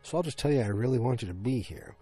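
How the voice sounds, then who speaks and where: A man doing a hurried, worried husband. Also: mid-range voice, animated, mellow, breathy edge. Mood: earnest.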